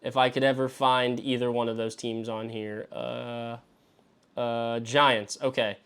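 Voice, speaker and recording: A man hosting a live stream as he works through a mock draft, talking to himself and swearing freely. He swings between exasperated yelps and low mutters. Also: little pitch movement, a little slow, a bit bright, smooth. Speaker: fantasy football show host. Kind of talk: live-streamed solo commentary.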